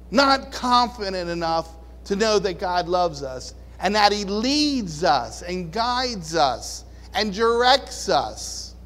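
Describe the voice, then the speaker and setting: A man preaching a sermon in a folksy, animated way, now and then acting out voices and shouting. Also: sits high. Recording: long reverb of a large hall.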